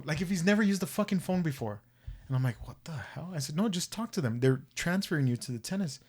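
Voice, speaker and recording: A man hosting a podcast, telling a story in a casual, profane, animated way and acting out the voices he quotes. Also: a little high, fast talker. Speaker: podcast host.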